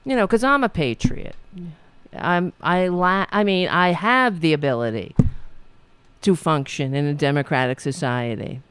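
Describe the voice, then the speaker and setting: A woman's voice: low-pitched, measured pace, fairly bright tone, smooth, no room sound. A woman host ranting about politics, sarcastic and profane, mocking commenters. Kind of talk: angry political rant.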